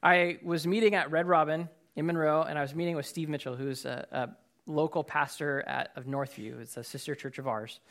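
Man, pastor, conversational sermon, earnest, fillers and restarts, somewhat high voice. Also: fairly even intonation, fairly quick, a bit bright. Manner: casual, earnest, many fillers and repeated words. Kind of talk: conversational sermon with personal stories.

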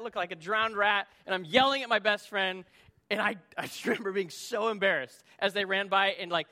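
A middle-aged man, a lead pastor, preaching a sermon and telling a lively personal story. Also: sits high. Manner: storytelling, animated, acts out shouting in the story.

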